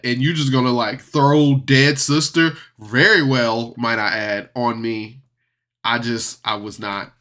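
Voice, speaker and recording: Slow, bright-voiced man reviewing casually. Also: fairly low pitch. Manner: rambling, chatty, often laughs. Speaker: podcast reviewer.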